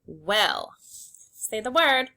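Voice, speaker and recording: Her pitch fairly high and swinging hugely, a young woman with a sharp tone teaches phonics to young children. She articulates each letter sound slowly and clearly and cheers them on.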